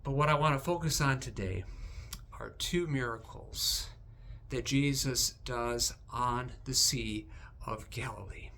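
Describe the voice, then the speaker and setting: A man hosting a devotional video, recapping Bible passages with animated, emphatic storytelling. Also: mid-range voice, unhurried, gravelly.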